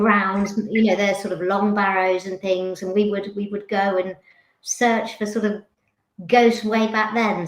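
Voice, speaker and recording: A woman, a paranormal investigator, chatting casually and easily with many fillers. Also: mid-range voice. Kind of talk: casual chat. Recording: roomy echo.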